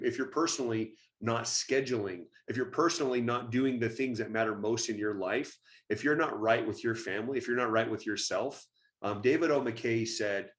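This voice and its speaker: A man hosting a podcast interview, speaking earnestly and at length, full of fillers and restarts. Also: mid-range voice. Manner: earnest, rambling, filler-heavy. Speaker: podcast host, chiropractor.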